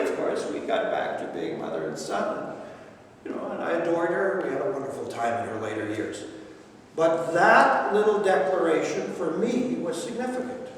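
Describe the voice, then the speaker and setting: A man's voice: fairly high pitch, distant mic, slight background noise. An older man giving a lecture at a recovery centre, telling personal stories, repeating phrases for emphasis and chuckling. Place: lecture room. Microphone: distant microphone. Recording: echoey hall recorded from afar.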